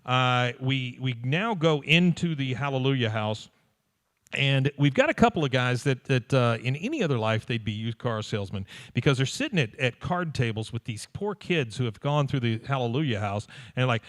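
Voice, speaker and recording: A man co-hosting a podcast live, retelling a cartoon episode in an animated way and dropping into quick character voices. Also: medium pitch. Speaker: podcast co-host. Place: live show venue.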